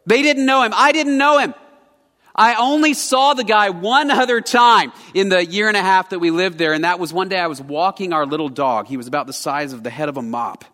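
A man preaches a sermon in an earnest, conversational storytelling manner. His voice sits high and bright. It rings out in a church hall with a long, lingering reverb. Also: brisk. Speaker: pastor. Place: church sanctuary.

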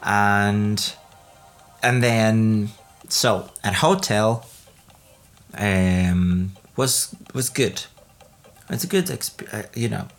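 Chatty laughing woman, slow rambling delivery. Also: extremely low pitch, faint music behind. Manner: chatty, rambling, laughs often, many fillers and restarts. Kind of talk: casual travel vlog chat.

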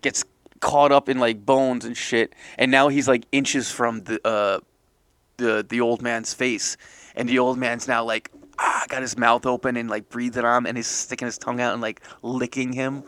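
A man co-hosting a comedy podcast, improvising a horror movie plot and acting out the characters with sudden high yells. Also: steady tone, moderate pace, clean tone, dry recording, studio quality. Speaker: podcast co-host.

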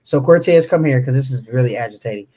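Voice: mid-range voice, fast talker, mellow, husky. A young parent chatting casually on a family livestream, rambling with lots of ums and restarts. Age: young adult.

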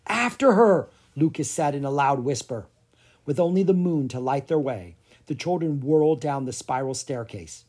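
A narrator reading a children's chapter book aloud, with storyteller pacing and dramatic pauses. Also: mid-range voice, dark tone, slightly rough. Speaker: audiobook narrator.

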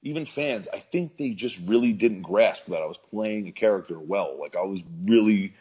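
A man's voice: lowish voice, normal speed, mellow, slightly rough, lo-fi sound. A man, a professional wrestler, talking in a casual interview in a laid-back, rambling way with lots of fillers and restarts.

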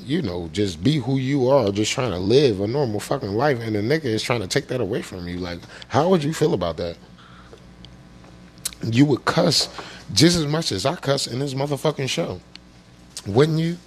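A man's voice: mid-range voice, breathy edge. A man hosting his own show, ranting angrily with constant swearing and repeated phrases. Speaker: show host. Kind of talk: profane political rant.

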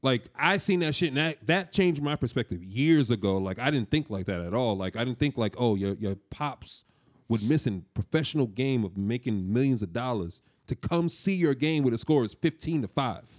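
A young man co-hosting a casual podcast chat, talking in an animated, profane and teasing way. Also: mid-range voice, normal speed. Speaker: podcast co-host.

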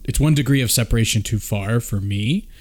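A man co-hosting a casual podcast chat, jokey and animated and quick to laugh. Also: medium pitch. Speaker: podcast co-host.

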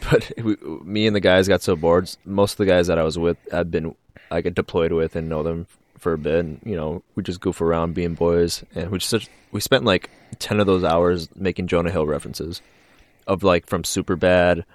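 A man's voice: sits low, fairly even intonation, normal speed, no echo. A young man co-hosting a casual podcast chat, rambling with lots of fillers. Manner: rambling, full of fillers, loud acted-out movie quotes. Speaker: podcast co-host.

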